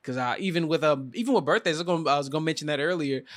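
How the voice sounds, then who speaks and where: Young male co-host, bright sharp tone, playful slangy talker. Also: fairly high pitch, racing. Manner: laughing, playful banter with slang. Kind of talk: casual chat.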